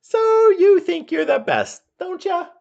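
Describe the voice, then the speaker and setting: A man mimicking a brash, loud male wrestler who taunts his interview guests in a high, shouting voice. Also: lively intonation, slow pace, creaky, highs cut off, heavily acted. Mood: mocking.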